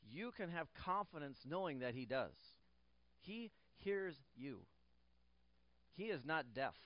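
A man's voice: fairly high pitch, dry recording, dull audio. A male pastor preaching a sermon in church, repeating key phrases and restarting lines, with light jokes for the congregation.

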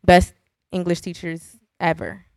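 A woman's voice: fairly low pitch, little pitch movement, a little slow, creaky, a little mellow, no room sound. A woman chatting on a casual panel, talking in a rambling, teasing way. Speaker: panel guest.

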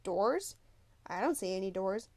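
A woman's voice: mid-range voice, animated, measured pace, no echo. A frustrated teenage boy who presses for answers, read by a woman. He sounds guarded and suspicious. It is told as a storybook voice. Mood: puzzled.

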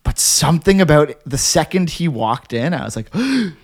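A man's voice: a little high, moderate pace. A man co-hosting a podcast, telling a rambling story in casual chat, full of "like" and restarts. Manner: rambling, heavy filler "like", animated retelling. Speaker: podcast co-host.

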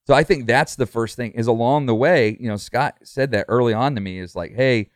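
A man's voice: medium pitch, fairly quick, no room sound, studio quality. A middle-aged man, a pastor, talking earnestly in a casual podcast conversation, full of fillers and restarts.

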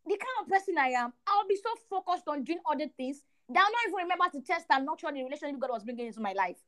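A young adult woman co-hosting a podcast, sharing a faith testimony in an animated, emphatic way with a lot of repetition. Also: sits high, racing. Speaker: podcast co-host.

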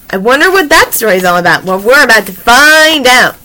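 A woman reading children's books aloud in an animated, expressive way with chatty asides. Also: on the high side, fairly quick, few pauses. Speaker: story reader.

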